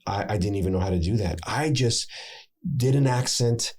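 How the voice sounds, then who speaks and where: An American man in his thirties, an actor and acting coach, chatting casually in an interview and telling animated stories. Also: moderate pace, husky. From United States. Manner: animated storyteller, swings pitch to make points.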